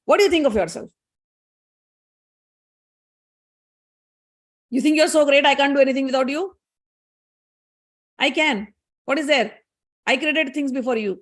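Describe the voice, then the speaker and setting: A woman's voice: fairly high pitch, expressive, a little fast. Proud husband god, defensive and bristling, told by a woman storyteller. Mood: indignant. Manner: defensive, indignant arguing. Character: proud irritated male creator god, husband.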